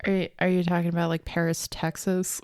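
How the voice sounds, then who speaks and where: A woman's voice: lowish voice, flat delivery, brisk, darkish tone, smooth. A young woman co-hosting a casual podcast, giving short playful reactions. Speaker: podcast co-host.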